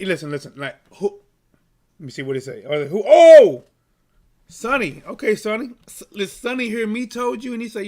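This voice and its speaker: A man hosting a casual live stream about sports, talking to his chat in an animated, repetitive way and hyping up his viewers. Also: high voice. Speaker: livestream sports host.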